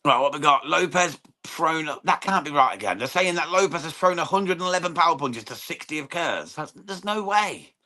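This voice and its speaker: A man's voice: a little high, animated, a little fast, hardly any pauses, pushed and bright. An English man hosting a live boxing watchalong, chatting casually with viewers, calling mate often, swearing freely and commenting on the fight. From England. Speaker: watchalong stream host.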